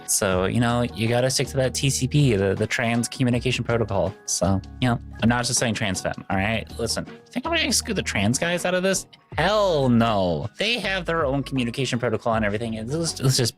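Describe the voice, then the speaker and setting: Animated, rambling young streamer woman. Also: a bass voice. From Missouri, US. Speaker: VTuber streamer. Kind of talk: casual meme-reaction commentary.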